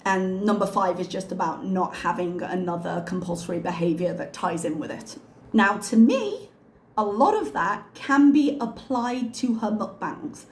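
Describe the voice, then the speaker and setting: Woman, reaction host, soft-spoken, sarcastic, roomy sound, faint hiss. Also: medium pitch. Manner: calm, pointed, sarcastic.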